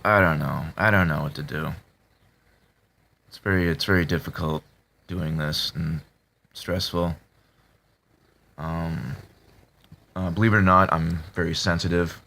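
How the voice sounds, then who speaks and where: A man talking casually to his subscribers, halting with many fillers and restarts, in a flat tone that can sound annoyed. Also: deep voice, gravelly. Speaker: video creator talking to subscribers. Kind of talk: casual confessional talk to camera.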